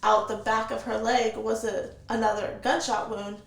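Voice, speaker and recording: A woman recounts her own experience as a guest on an interview show, steady and vivid, slipping into quoted dialogue as she goes. Her voice sits a little high and carries a gravelly fry. The recording has a roomy echo around it. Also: moderate pace. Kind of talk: personal storytelling in an interview.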